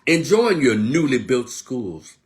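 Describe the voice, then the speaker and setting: A man's voice: medium pitch, takes it slowly. Blunt, profane man ranting. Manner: blunt, profane, animated rant. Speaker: online commentator. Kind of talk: casual ranting monologue.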